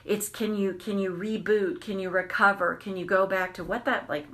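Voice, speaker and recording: A woman coaching on tapping, telling candid, animated stories and swearing freely. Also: mid-range voice, moderate pace, few pauses. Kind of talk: casual storytelling monologue.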